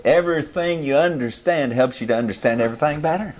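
A man preaching an informal sermon, earnestly searching for words with many restarts, and reading scripture slowly. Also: a little high. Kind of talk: informal sermon, Bible teaching.

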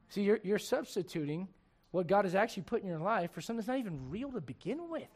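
High-voiced lively male preacher. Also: fast. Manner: animated, humorous, swings from soft asides to shouting. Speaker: pastor. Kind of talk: sermon. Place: church.

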